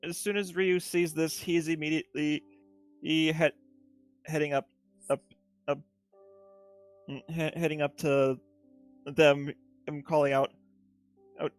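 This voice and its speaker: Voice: medium pitch, level tone, unhurried, long pauses, no room sound, soft background music. A tabletop game player describing a character's actions, restarting and repeating words.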